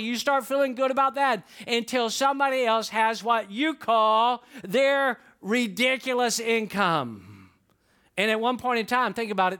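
A man's voice: very high voice, pushed and bright, clear, resonant tone. A middle-aged male pastor preaching a sermon in a folksy, conversational way, often asking the congregation questions.

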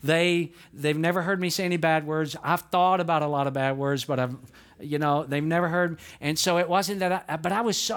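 A high-pitched man preaching a sermon as a pastor. He tells stories with lively bursts of feeling, then drops to soft, earnest asides. He sounds middle-aged. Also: normal speed. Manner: storytelling, swings from animated outbursts to hushed earnest tones.

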